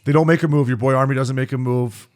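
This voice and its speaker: A man co-hosting a casual sports podcast, excitable and swearing freely as he breaks down the week's hockey. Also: mid-range voice. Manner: profane, excitable, fast-talking. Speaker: podcast co-host, former junior hockey player.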